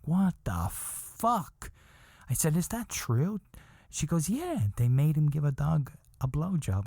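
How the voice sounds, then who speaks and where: Profane, animated man ranting a story. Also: fairly low pitch, dry recording, clean studio sound. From from outside the USA. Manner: profane, animated, exasperated rants. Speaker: podcast host. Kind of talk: comedic storytelling monologue.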